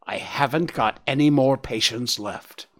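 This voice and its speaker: A man's voice: mid-range voice, unhurried, close to an everyday voice. A man doing a young stag holding back rage. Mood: stern warning. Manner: calm, restrained, quivering with suppressed anger. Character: young male stag, gentle but holding back fury. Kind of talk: audiobook character reading.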